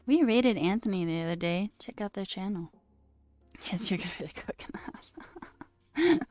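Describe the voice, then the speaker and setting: A woman's voice: medium pitch, expressive, normal speed, darkish tone, dry recording, faint music behind. A woman streamer chatting casually and reading chat aloud, rambling, laughing often and swearing now and then.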